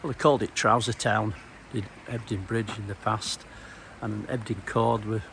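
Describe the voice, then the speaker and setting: A man's voice: fairly low pitch, fairly even intonation, normal speed, gravelly, background noise. A middle-aged man and former police officer giving a casual, rambling walking tour outdoors, with dry humour. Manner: meandering, anecdotal, dry humour. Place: outdoors in a small town.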